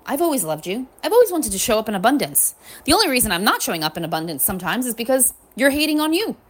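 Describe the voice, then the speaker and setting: A woman's voice: a little high, very animated, fast. A woman reading a letter in the voice of money personified, tender and reassuring. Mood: affectionate. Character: money personified, a devoted loving female voice.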